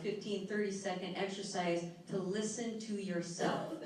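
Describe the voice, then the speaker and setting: Woman speaker in an echoey hall. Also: mid-range voice. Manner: soothing, guiding, then lively and emphatic. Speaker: workshop speaker. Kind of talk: live talk with guided relaxation exercise. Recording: echoey hall, voice from far off, faint noise.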